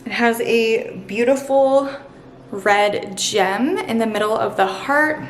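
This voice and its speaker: A woman's voice: fairly high pitch, slow pace, music in the background. A woman vlogger talking casually and gushing about things she loves, chatty and upbeat. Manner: gushing, chatty, lots of "super" and "literally". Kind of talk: casual sponsored vlog talk. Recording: echoey room.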